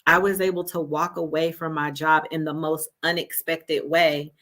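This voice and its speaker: Woman coach guest, low-pitched and sharp-toned, earnest storyteller. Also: level tone, moderate pace. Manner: storytelling, earnest, with frequent "right?" check-ins. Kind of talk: conversational interview. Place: home office.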